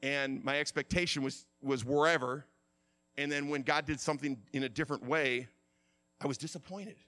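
A middle-aged male pastor preaching a sermon, swinging from quiet confession to impassioned shouting. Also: medium pitch, moderate pace.

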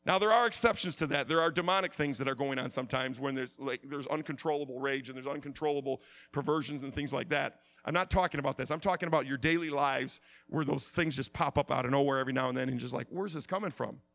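A middle-aged male pastor preaching a sermon, swinging from quiet confession to impassioned shouting. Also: mid-range voice, quick pace, gravelly, few pauses.

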